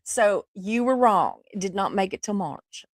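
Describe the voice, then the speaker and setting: A woman's voice: medium pitch, expressive, a little slow, dry recording, studio quality. A middle-aged woman, sick with the flu, hosting a casual livestream chat, rambling and laughing often as she reads viewer comments. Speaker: livestream host.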